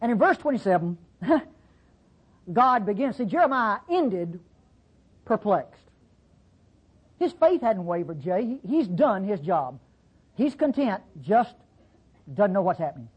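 A Bible teacher giving a folksy, conversational sermon-style lesson, acting out quotes with sudden pitch jumps. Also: very animated, slow, pauses often, slightly rough, muffled recording.

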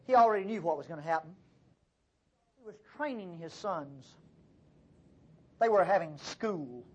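A male preacher tells a story in a conversational, animated sermon. His husky voice swings widely up and down in pitch. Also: measured pace.

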